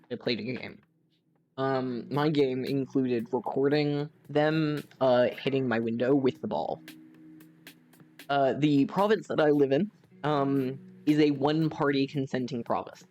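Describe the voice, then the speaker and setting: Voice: mid-range voice, darkish tone, muffled recording. A young adult from Canada, a gaming streamer chatting and telling a rambling story while playing. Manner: chatty, rambling, with frequent fillers.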